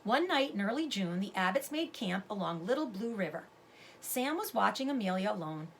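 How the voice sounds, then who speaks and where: A woman teacher reading a chapter book aloud to her students, expressive and stopping to explain words. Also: medium pitch, a little hiss or hum.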